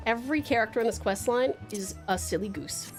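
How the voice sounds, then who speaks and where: A woman's voice: on the high side, a little fast. A woman from Australia, giving playful, giggly casual commentary while streaming a game. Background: faint game music.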